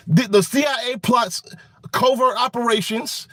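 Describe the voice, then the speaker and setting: A man's voice: extremely high pitch, unhurried, pushed and bright, no echo, studio quality. A man giving an angry political rant, swearing often and restarting his sentences with many fillers. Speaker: political commentator.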